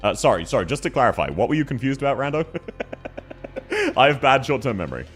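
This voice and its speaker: An excitable young Australian man commentating his game stream, his pitch swinging widely as he jokes and yells. Quiet game music hums in the background. His voice sits mid-range. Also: quick pace. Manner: excitable, bursts into shouting. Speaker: gaming streamer.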